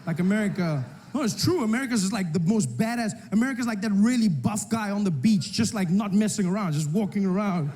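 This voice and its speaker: Man doing stand-up, playful and high. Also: lively intonation, fast, few pauses, darkish tone, slight background noise. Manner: riffing, playful crowd work. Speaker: stand-up comedian. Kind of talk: stand-up comedy routine.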